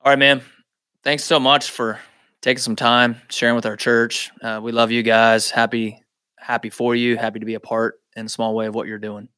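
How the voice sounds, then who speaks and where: A man hosting a church interview podcast, asking questions in a quick, upbeat way. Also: medium pitch, level tone, bright, forceful tone, clear, resonant tone, no room sound, studio quality. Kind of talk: casual interview.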